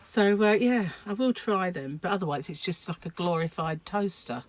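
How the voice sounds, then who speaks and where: A tired woman rambles on to her home camera, her speaking voice sitting a touch low. She talks in a loose, chatty way, with plenty of fillers and false starts, and sounds short on sleep. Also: expressive, moderate pace. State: sleep-deprived. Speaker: vlogger. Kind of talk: casual chat to camera.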